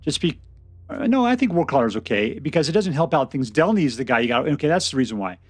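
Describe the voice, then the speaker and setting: A man giving casual, chatty commentary on a card game he is playing, thinking out loud with restarts and bursts of excitement. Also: a little high, fast, slightly rough, no room sound, studio quality. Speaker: game streamer. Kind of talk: casual gameplay commentary and deck review.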